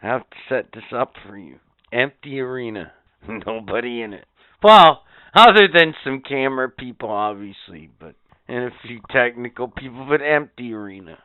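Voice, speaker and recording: Brief: male podcast co-host, sarcastic and profane, smooth voice with a touch high, dry phone-like sound. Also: expressive, moderate pace, no echo. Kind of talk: crude casual chat.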